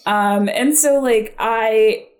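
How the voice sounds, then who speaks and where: A woman's voice: a little high, drawn-out words. A young adult woman telling her recovery story as a podcast guest, rambling and self-deprecating, with lots of "like". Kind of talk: casual conversational storytelling.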